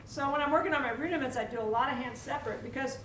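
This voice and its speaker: Woman percussion clinician, high voice, far from the mic in a roomy hall, conversational and quizzing. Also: very fast, heavy background noise. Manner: chatty, quizzes the audience with "right?". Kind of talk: live drum clinic teaching. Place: large echoey hall with audience. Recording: roomy live hall, distant mic, loud drumming.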